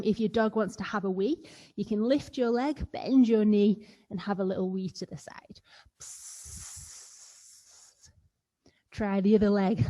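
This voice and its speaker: A kids yoga teacher, a woman with a mid-range, dark-toned voice, walks children through a playful yoga class and sometimes imitates animals.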